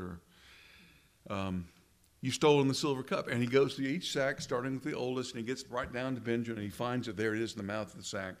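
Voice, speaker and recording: A pastor giving a conversational sermon, asking his listeners rhetorical questions and slowing down to stress key words. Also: on the low side.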